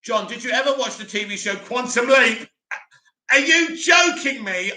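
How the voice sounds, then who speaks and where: Chatty guy on a live stream, high bright voice, echoey room. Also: normal speed. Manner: chatty, animated, mocks a dramatic voice. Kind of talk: casual live chat reading comments.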